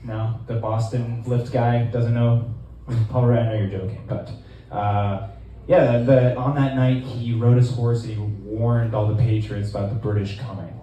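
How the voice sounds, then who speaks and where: A man in his twenties doing a stand-up set in a small club, deadpan and rambling, with lots of fillers. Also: medium pitch, normal speed, very echoey, recorded from a distance, highs cut off, slight background noise. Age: 20s. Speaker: stand-up comedian.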